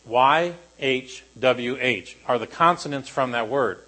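A man delivers a sermon to his congregation in a mid-range voice. He moves between lively, raised emphasis and soft, solemn near-murmurs, and asks the room to respond. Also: mid-range voice, slow pace, poor audio. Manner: animated preaching, dropping to quiet emphasis. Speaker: pastor.

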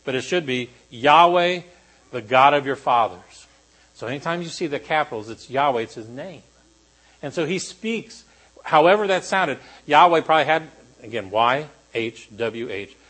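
A man delivers a sermon to his congregation in a mid-range voice. He moves between lively, raised emphasis and soft, solemn near-murmurs, and asks the room to respond. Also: mid-range voice, normal speed, low-quality recording. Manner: animated preaching, dropping to quiet emphasis. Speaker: pastor.

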